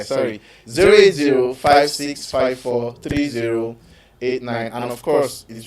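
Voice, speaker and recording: A man with a Nigerian accent hosting a live call-in show on relationships, talking in an animated way, slipping into pidgin and acting out quotes. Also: medium pitch. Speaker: radio show host. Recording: echoey room, distant from mic.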